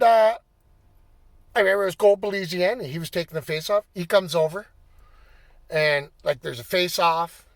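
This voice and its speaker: A man telling a personal story in a casual, profane way, getting animated and raising his voice as he relives the anger. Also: high voice, creaky, dry recording. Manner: animated, swearing, bursts into shouting when reliving anger. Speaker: storyteller recounting his playing days.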